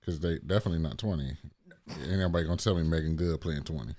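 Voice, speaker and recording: A man's voice: a bass voice, fast talker, dark tone. A man co-hosting a podcast, chatting casually, often laughing, teasing and swearing. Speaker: podcast co-host. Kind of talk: casual chat.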